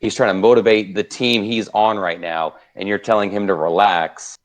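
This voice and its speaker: A man's voice: on the low side, fairly even intonation, normal speed. A man co-hosting a sports podcast, chatting casually about football picks, rambling with many fillers and restarts. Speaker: podcast co-host.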